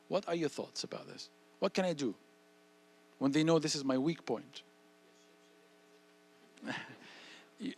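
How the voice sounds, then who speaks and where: A man speaks to parents in a church hall as a guest speaker. His voice sits a touch higher than most men's. He talks with lively energy, acting out short exchanges and hammering phrases home through repetition. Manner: animated, acts out dialogue, repeats phrases. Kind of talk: parenting talk answering audience questions.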